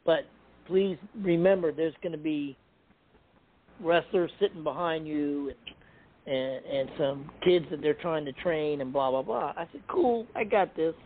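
A man's voice: a little high, measured pace. A middle-aged man telling a funny story in casual chat, laughing and acting out what people said. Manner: animated, laughing, acts out quotes. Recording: tinny phone-like sound.

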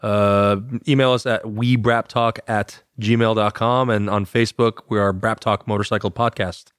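A man's voice: on the low side, fairly even intonation, normal speed, a bit bright, clear, resonant tone, no echo, clean studio sound. A man co-hosting a podcast, chatting casually and joking with his co-host. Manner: joking, teasing, laughs easily.

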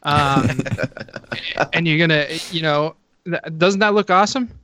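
A man co-hosting a casual podcast, enthusiastic and halting with restarts. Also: fairly high pitch, pushed and bright. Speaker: podcast co-host. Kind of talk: casual chat.

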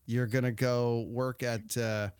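Man, podcast host, rambling, lots of ums and restarts, mid pitch, dry close sound. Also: level tone, unhurried, darkish tone, clean tone, no room sound. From Ontario, Canada. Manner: rambling, many fillers and restarts. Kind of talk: casual interview chat.

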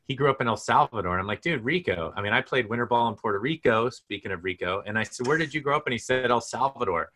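A man's voice: medium pitch, fast talker, few pauses, fairly bright tone. A middle-aged man co-hosting a podcast, easygoing and telling stories with many fillers. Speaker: co-host. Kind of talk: casual podcast chat.

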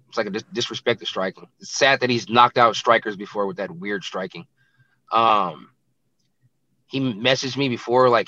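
A man's voice: mid-range voice, sharp tone, no room sound, muffled recording. A man who is a professional fighter, talking bluntly and brashly in a casual interview, filling his speech with "you know, it's like".

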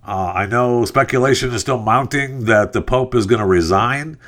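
A man's voice: mid-range voice, normal speed, fairly bright tone. A middle-aged man hosting a podcast, rambling through news stories with sarcastic asides and lots of fillers. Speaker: podcast host. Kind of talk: casual news commentary.

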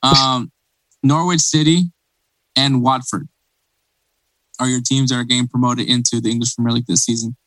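A man in casual podcast chat, circling his points and restarting often. His voice sits at an ordinary pitch. The sound is close and dry with no room around it. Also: level tone, normal speed, long pauses, fairly bright tone, dry recording, low-quality recording. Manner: rambling, many restarts and fillers. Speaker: podcast co-host.

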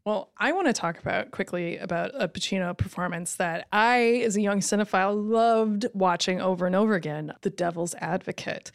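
A woman with a mid-range voice hosts a film podcast. She retells movie plots with lively, wry humor, peppering her talk with fillers like "like." Her delivery is chatty and animated in phrasing. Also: mid-range voice, fairly quick, hardly any pauses. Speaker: podcast host. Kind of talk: casual discussion.

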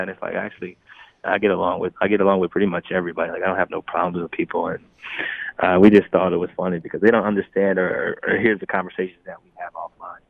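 A young man speaking as a guest in an interview, relaxed and chuckling often, sometimes restarting his phrases. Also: deep voice, quick pace, vocal fry, no room sound. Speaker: guest athlete. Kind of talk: casual interview talk. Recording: tinny phone line.

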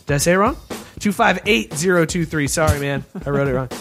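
A man's voice: on the high side, quick pace, fairly bright tone, soft background music. A man co-hosting a casual podcast, who laughs a lot and fumbles the ad reads. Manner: laughs often, stumbles over read-out codes. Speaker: podcast co-host reading ads. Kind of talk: casual chat.

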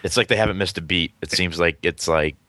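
A man's voice: sits low, fairly quick, bright, forceful tone, no room sound. A man co-hosting a podcast, chatting casually in a hesitant way. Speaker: podcast co-host. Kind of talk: casual chat.

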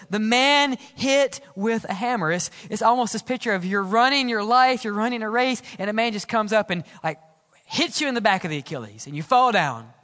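High-voiced, bright preaching man. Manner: dynamic preaching, swinging from loud to hushed. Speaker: pastor. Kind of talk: sermon. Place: church sanctuary. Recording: church hall reverb.

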